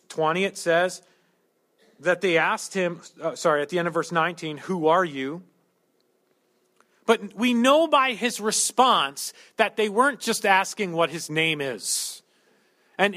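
A male pastor delivering a sermon in a high, bright voice. He talks through the text conversationally and breaks it up with joking everyday asides. His tone stays clear and forward. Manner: conversational preaching with humorous asides.

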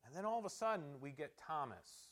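A middle-aged man preaches in a high, light voice. He talks the text through casually and asks his listeners rhetorical questions, rising loud for emphasis and dropping to near-murmurs for asides. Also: very animated, fairly quick. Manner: conversational, rhetorical questions, swings from loud to soft. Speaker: pastor. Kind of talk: sermon.

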